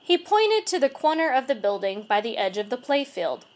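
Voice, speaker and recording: A woman reads a first-person storybook aloud in an expressive, measured way. Her voice sits high and moves lively up and down. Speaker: reader. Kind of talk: storybook narration.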